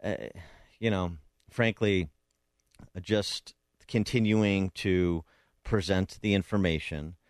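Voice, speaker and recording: A man's voice: low voice, fairly even intonation, slow, pauses often, no echo, clean studio sound. A man hosting a political talk radio show, speaking emphatically and combatively with frequent restarts.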